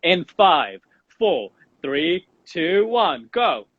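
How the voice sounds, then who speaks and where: A man's voice: fairly high pitch, very animated, extremely slow, no echo, muffled recording. Upbeat teasing male podcast host. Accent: Indian English. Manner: upbeat, teasing, counts down loudly. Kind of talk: playful challenge game in an interview.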